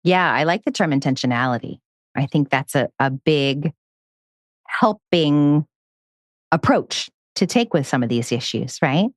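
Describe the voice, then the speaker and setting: Deep-voiced woman podcast host, dry sound. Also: expressive, a little slow, dry recording. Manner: thoughtful, affirming, asks follow-up questions. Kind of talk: conversational podcast interview.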